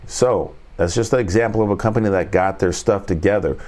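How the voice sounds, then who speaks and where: Rambling, low-voiced male trading coach. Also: fairly quick, darkish tone. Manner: rambling, joking, talks to viewers directly. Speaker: trading coach and stream host. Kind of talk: casual market commentary.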